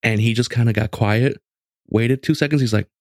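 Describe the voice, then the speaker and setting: A man in his late twenties casually telling a story in a lively, conversational way, with lots of restarts. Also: mid-range voice, normal speed, no room sound, clean studio sound. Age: late 20s.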